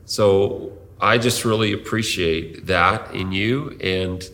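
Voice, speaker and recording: A man's voice: deep voice, slow, fairly bright tone, in a large hall. A male pastor preaching a sermon in an earnest, conversational way.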